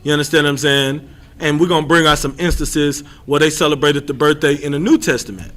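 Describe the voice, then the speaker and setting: Bright-voiced emphatic man teaching scripture. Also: fairly high pitch, fairly even intonation, brisk. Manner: emphatic, repetitive, calls on readers by title. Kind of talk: informal street-style Bible lesson.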